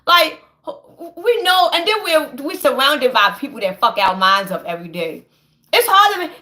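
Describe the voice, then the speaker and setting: A woman's voice: high-pitched, bright, forceful tone. A woman in an impassioned, profane rant, heated and preachy, stammering when she gets worked up. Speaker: vlogger.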